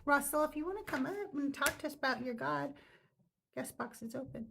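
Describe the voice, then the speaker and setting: A woman's voice: high voice, fairly quick, gravelly, noisy background. A woman hosting a casual debate livestream, bubbly, laughing often and swearing casually. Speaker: podcast host.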